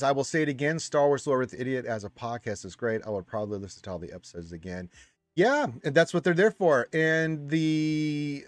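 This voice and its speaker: A man's voice: on the high side, no room sound. A man hosting a casual live stream, reading viewer comments aloud and chatting back from a room full of action figures.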